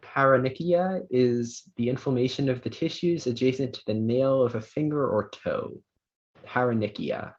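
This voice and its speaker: A man acting as pronouncer at an online spelling bee, reading words and definitions in a measured way with small fillers. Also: medium pitch. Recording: dull lo-fi online audio.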